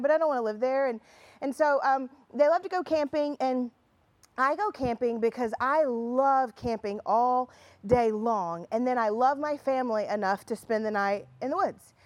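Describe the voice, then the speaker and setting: A woman's voice: high-pitched, no room sound. A woman in her thirties giving a conversational sermon, telling stories with plenty of fillers and restarts and some self-deprecating humor. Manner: chatty storytelling with many fillers and restarts. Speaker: pastor.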